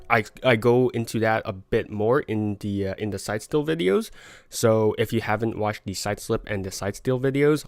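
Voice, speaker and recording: A man teaching a card sleight on a livestream, stumbling and laughing at his own mistakes. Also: lowish voice. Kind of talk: livestream tutorial. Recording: faint background music.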